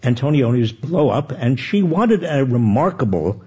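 An older man talks with a husky edge and swinging pitch. He tells self-deprecating stories with many restarts. The recording sounds dull and lo-fi. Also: normal speed. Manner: animated, self-deprecating anecdotes with frequent restarts. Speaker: guest author. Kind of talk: conversational storytelling.

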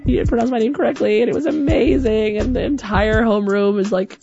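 A young adult woman comedian telling a personal story on stage, animated and acting out the other people's voices. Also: on the high side, quick pace, vocal fry, dull audio, over music. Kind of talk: stand-up storytelling.

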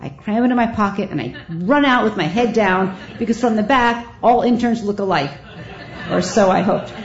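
A woman, a physician, telling a live story in a lively, self-mocking way, with a dull lo-fi sound. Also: mid-range voice, moderate pace.

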